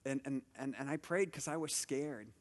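A man's voice: medium pitch, moderate pace, in a large hall, noisy background. A middle-aged man preaching a conversational sermon, telling stories with lots of asides and restarts. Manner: chatty storytelling, many asides and restarts. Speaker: pastor.

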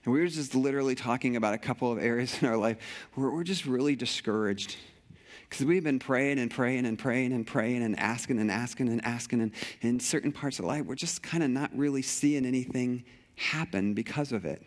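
A middle-aged male pastor preaching a sermon with passion, repeating phrases and often restarting sentences. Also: mid-range voice.

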